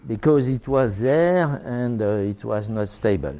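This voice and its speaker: A mellow, mid-range male voice belongs to an older French lecturer speaking English in an academic talk. He proceeds haltingly, restarting often and using many fillers.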